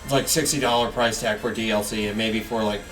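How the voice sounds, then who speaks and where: A man's voice: on the low side, fairly even intonation, fairly quick, fairly bright tone, far from the mic. A man hosting casual gameplay commentary, talking emphatically and jokingly, in a somewhat off-mic recording with faint game music. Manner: emphatic, ranting, jokey. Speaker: gaming channel host.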